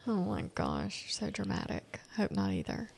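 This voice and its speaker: A woman hosting a family podcast, telling stories in a casual, animated way, quoting people and laughing often. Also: medium pitch, moderate pace, gravelly, slightly rough. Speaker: podcast host. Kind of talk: casual chat.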